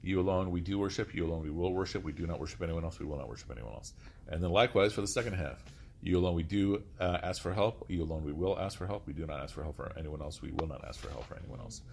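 Deep-voiced man teaching a class. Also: racing, gravelly, darkish tone, a little hiss or hum. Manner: explains step by step, checking in with frequent "okay"; quizzes students with questions. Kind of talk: classroom lecture.

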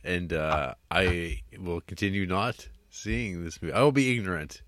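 A man's voice: low voice, normal speed, a bit bright, no echo. A man in a casual chat, making dry, sarcastic remarks. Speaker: podcast co-host.

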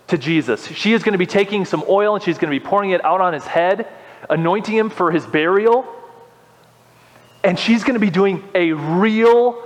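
A man preaching a sermon as pastor, emphatic and repeating his key phrases. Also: on the high side. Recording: long reverb of a hall.

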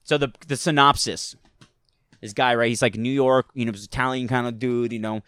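A man in casual chat, rambling and animated, with lots of fillers and swearing. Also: mid-range voice, fairly quick, smooth, dry recording.

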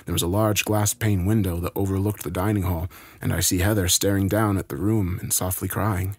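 A man narrating a horror story in a grave, steady way. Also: low-pitched, husky, no echo.

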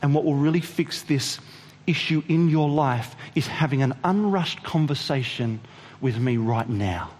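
A preacher doing a calm, gentle Jesus. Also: male voice, a little high, big-room sound, pitched below the performer's own voice. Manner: soft, unhurried, reassuring. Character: calm gentle Jesus, grown man, patient teacher.

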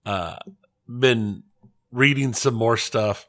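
A man co-hosting a podcast in casual chat, wry and relaxed as he goes over the news. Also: medium pitch, takes it slowly, dry recording, clean studio sound. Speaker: podcast co-host.

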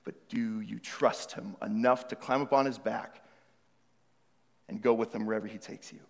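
A male pastor preaching, moving between hushed, searching questions to the congregation and loud, emphatic passages. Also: fairly low pitch, fairly even intonation, moderate pace, vocal fry. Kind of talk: sermon. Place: church hall. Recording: long reverb of a large hall.

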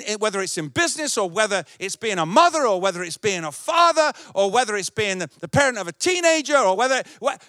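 Man, pastor, sermon, very high voice, dry sound. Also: pushed and bright, dry recording. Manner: emphatic preaching with repetitions and mimicked voices.

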